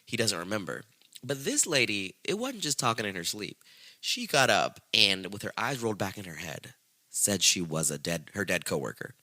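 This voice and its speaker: A man hosting a podcast, telling a true-crime story in a casual, profane, slangy way and acting out the quotes in high squeaky voices. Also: moderate pace, no echo. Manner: profane, slangy, animated retelling with acted-out quotes. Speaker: podcast host.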